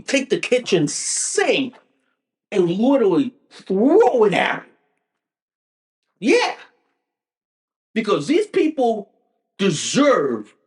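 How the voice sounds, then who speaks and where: High-pitched man ranting emphatically. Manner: emphatic, profane, repetitive ranting. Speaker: podcast host. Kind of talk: political commentary rant.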